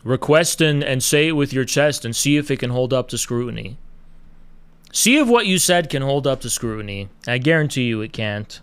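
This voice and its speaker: A man's voice: medium pitch, expressive, normal speed, clear, resonant tone, no echo. A man giving a combative livestream monologue, taunting his critics with rhetorical questions. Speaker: party chairman streaming on social media.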